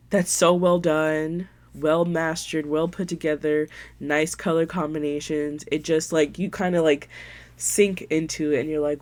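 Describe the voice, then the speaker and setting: A podcast host chats casually in a show-and-tell style, gushing and sentimental and using lots of filler words. Her voice is on the low side and a little mellow.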